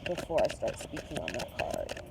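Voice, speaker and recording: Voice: mid-range voice, sing-song, moderate pace, very noisy. A tarot reader chatting to viewers while reading the cards, effusive and direct, mixing spiritual talk with slang and swearing. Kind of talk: casual tarot reading to camera.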